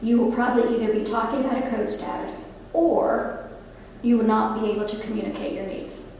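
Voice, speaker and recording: A woman's voice: fairly high pitch, steady tone, a little fast, gravelly, darkish tone, a little hiss or hum. Older woman speaking in an echoey hall. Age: over 65. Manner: earnest, talks to the room with asides and questions. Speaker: nurse giving a talk. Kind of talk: public talk to an audience. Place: library meeting room. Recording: echoey hall, mic from a distance.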